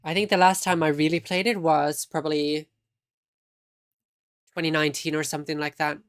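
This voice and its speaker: Streamer, mid pitch, easygoing chat with viewers, teasing. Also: flat delivery, normal speed, clear, resonant tone, no room sound, studio quality. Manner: chatty, teasing, reacting to chat. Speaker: live streamer.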